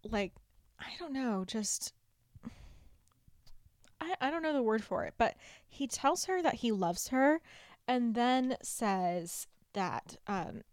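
A woman co-hosting a casual book club podcast, chatty and quick to act out quotes, laughing along. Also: a little high, lively intonation, a little mellow, dry recording, studio quality. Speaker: podcast co-host.

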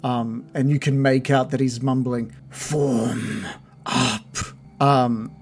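A man narrates a tabletop role-playing session as game master, setting scenes in a mid-range voice. He pauses often and fills gaps with ums and uhs as he describes the action. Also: mid-range voice, little pitch movement, a little mellow. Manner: hesitant, many fillers, descriptive.

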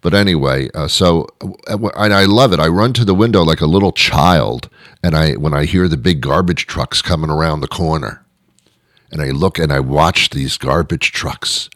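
A middle-aged man hosting a show, rambling through a comedic monologue with wry, deadpan asides. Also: very deep voice, normal speed, no echo, clean studio sound. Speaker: show host.

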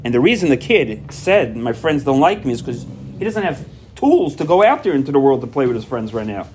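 A man who is a parent gives a personal talk at a recovery workshop. He tells stories with lively energy, acts out quoted dialogue, and often repeats himself and restarts sentences. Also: mid-range voice, fairly quick, a little hiss or hum. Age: adult parent. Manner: animated storytelling, acting out quoted dialogue; frequent repetitions and restarts.

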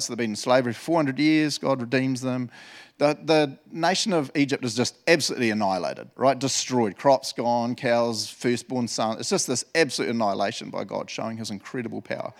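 A man preaching a sermon in an animated, laughing way, acting out voices from the Bible. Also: medium pitch. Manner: animated, laughs often, acts out voices of biblical figures. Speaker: pastor.

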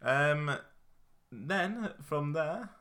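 Bright-voiced joking male podcast host. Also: on the high side, animated, drawn-out words. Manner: joking, rambling, with fillers. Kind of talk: casual chat.

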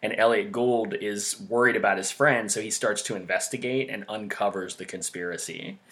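A man's voice: fairly low pitch, steady tone, moderate pace, fairly bright tone. A man co-hosting a casual movie podcast, talking with lots of fillers and frequent laughter. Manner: laughs often, many fillers. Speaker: podcast co-host.

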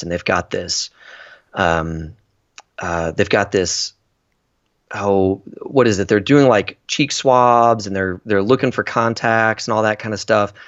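Low-voiced man musing over a film. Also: no room sound, dull audio. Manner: rambling, many fillers and restarts. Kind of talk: casual film discussion.

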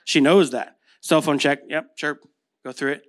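A man's voice: on the high side, fairly even intonation, moderate pace. A man in his thirties with an American accent, preaching a casual sermon full of stories and rhetorical questions. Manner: conversational storytelling with rhetorical questions. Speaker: pastor.

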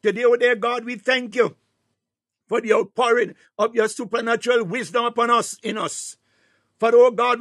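A man leading a fervent spontaneous morning prayer, punctuating each phrase with calls to God and swelling from hushed tones to near-shouts, at times breaking into tongues. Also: very high voice, dry recording, clean studio sound. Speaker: prayer leader.

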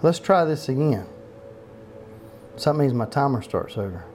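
This is a pastor preaching at home in a loose, talky way, with a voice of middling pitch. The pastor keeps circling back with restarts and quick asides about straying from the notes. It sounds like a small home Bible study, not a big church. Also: animated, a little mellow, slight background noise. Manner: conversational preaching, frequent restarts and off-note asides.

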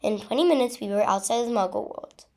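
A woman reading her own first-person adventure story aloud in an unhurried, expressive way. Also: mid-range voice. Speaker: narrator.

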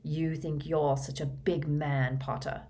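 Spiteful schoolboy bully read by a woman, low and hushed, menacing, slow and drawn out. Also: steady tone.

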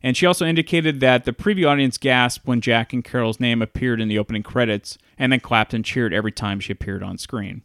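A man's voice: mid-range voice, fast, few pauses, fairly bright tone, no echo, studio quality. A man reviewing a classic film in a casual, enthusiastic video. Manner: enthusiastic, chatty retelling. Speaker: movie reviewer.

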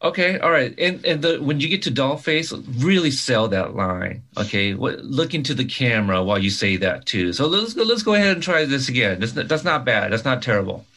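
A man's voice: mid-range voice, very animated, fairly quick, hardly any pauses, sharp tone. A man playing a rambling casting director who stammers and restarts his sentences. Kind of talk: comedic sketch, audition scene.

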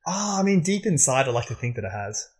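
A man's voice: a little high, very animated, fast, a little mellow, husky. A young Australian man co-hosting a podcast, with crude, joking casual banter and frequent laughter. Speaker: podcast co-host.

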